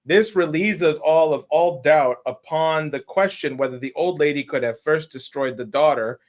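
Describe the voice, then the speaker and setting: A man's voice: fairly high pitch, normal speed. A man reading a classic detective story aloud on a casual live stream, taking a detective's long speech, stumbling now and then and restarting words.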